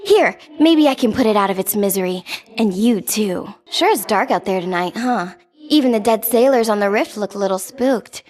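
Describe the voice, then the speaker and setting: Eris, a bratty taunting goddess. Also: female voice, a little high. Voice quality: bratty, sarcastic drawl. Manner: mocking, flippant, calls the hero babe. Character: Eris, wild goddess of strife, taunting and gleeful. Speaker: game character. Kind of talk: video game voice lines.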